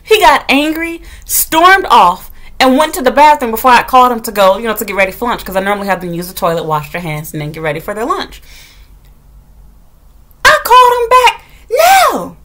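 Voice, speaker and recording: A woman, a substitute teacher, telling a story to the camera as a casual rant, blunt and full of slang and swearing, getting loud as she recalls scolding. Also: mid-range voice, quick pace, hardly any pauses. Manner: animated, gets loud when retelling scolding.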